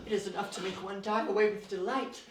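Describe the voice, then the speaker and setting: A woman's voice: medium pitch, level tone, quick pace, close to an everyday voice. A woman playing an affected young lady in a stage comedy, swooning with exaggerated admiration. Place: studio room. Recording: roomy studio, distant mic, loud noise.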